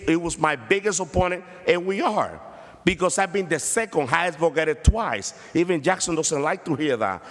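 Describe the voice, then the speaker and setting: Male councilman, fired-up floor speech, slightly high voice, long chamber reverb. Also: fairly bright tone. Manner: impassioned, combative, repeats phrases. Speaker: city councilman.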